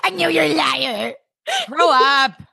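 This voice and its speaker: A woman's voice: slow, vocal fry, sharp tone, exaggerated voice. A woman putting on the voice of a sneering female internet troll who taunts and accuses. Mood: taunting. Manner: shrill, taunting.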